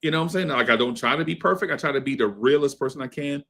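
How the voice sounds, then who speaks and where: A man's voice: fairly high pitch, very fast, creaky, pushed and bright, a little hiss or hum. A man in his fifties telling a story in a laid-back podcast chat, laughing often and asking "right?" after his points. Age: 50s. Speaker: podcast co-host. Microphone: streamed podcast mic.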